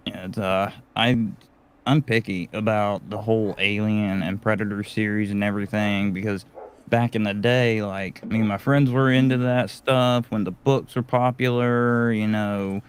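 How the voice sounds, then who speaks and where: A man's voice: lowish voice, fairly even intonation, a little slow, a little hiss or hum. A man co-hosting a casual podcast, talking in a rambling, enthusiastic way with casual swearing. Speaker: podcast co-host. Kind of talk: casual chat.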